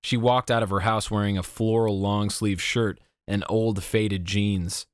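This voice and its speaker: Low-voiced man narrating an audiobook. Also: fairly even intonation, measured pace, no room sound, clean studio sound. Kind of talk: scripted narration.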